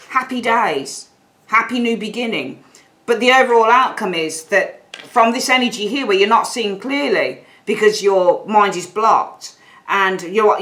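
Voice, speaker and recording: A woman's voice: mid-range voice, fairly bright tone. A woman giving a tarot reading, talking straight to her viewers in a chatty, direct way and repeating phrases for emphasis. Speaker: tarot reader.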